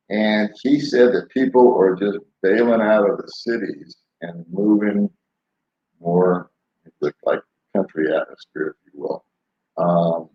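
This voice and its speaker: An older man with a fairly low voice chats loosely with his live-stream viewers. He rambles, laughs often and sounds unhurried. The sound is roomy and a little dull, like a lo-fi home setup. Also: darkish tone. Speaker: vlogger answering live chat. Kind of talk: casual live-stream chat.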